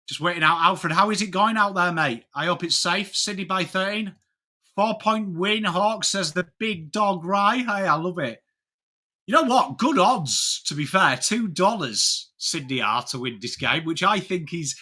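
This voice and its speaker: A man's voice: high-pitched, animated, a little slow, sharp tone. An English man hosting a casual live sports watchalong, chatting with viewers and greeting them by name. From England. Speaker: livestream host.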